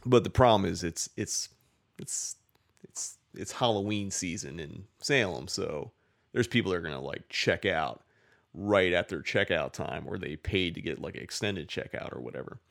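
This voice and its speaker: A man's voice: sits low, lively intonation, moderate pace, vocal fry, a bit bright. A man casually telling a long, rambling story, cursing often and filling his talk with "like". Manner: rambling, profane, many "like" fillers.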